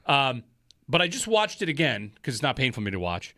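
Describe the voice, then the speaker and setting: A man hosting sports talk radio in a jokey, animated way, talking into a studio microphone. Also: medium pitch, no room sound. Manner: animated, jokey, quick to laugh.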